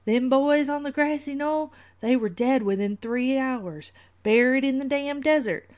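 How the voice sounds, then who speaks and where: Woman doing a gruff old cabin-dweller, drawling, voice pushed up high and loud. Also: measured pace. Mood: grim. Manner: gruff, drawling, put-on accent. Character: grizzled old man with a put-on drawl.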